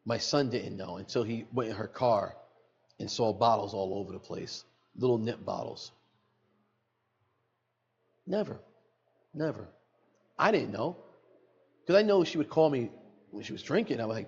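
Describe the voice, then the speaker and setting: A man's voice: mid-range voice, big pitch swings, normal speed, vocal fry, pauses often, darkish tone, slightly rough, dull audio. A middle-aged man, a podcast guest, telling an emotional personal story in earnest, repeating phrases for emphasis, recorded in a studio.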